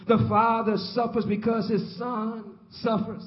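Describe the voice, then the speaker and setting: A man's voice: high voice, steady tone, a little slow, hardly any pauses, a little hiss or hum. A man preaching a sermon. He repeats lines for emphasis and calls on the congregation to respond. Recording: dull lo-fi recording.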